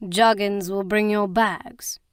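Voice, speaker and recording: A woman's voice: medium pitch, fairly even intonation, takes it slowly, smooth, dry recording, studio quality, natural voice. A woman voicing a jovial, mocking aristocratic man who teases his half-sister. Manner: teasing and boisterous.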